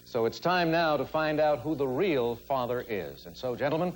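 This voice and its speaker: A man hosting a game show with brisk, formal announcing. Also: medium pitch, expressive, poor audio. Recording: studio audience noise.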